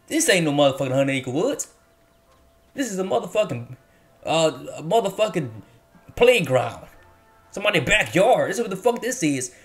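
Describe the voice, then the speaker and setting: A man's voice: fairly high pitch, very animated, normal speed, pauses often, soft background music. A man hosting a gaming channel, delivering an exasperated, profane rant over gameplay footage, repeating himself and cursing heavily. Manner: exasperated, repetitive, heavy cursing.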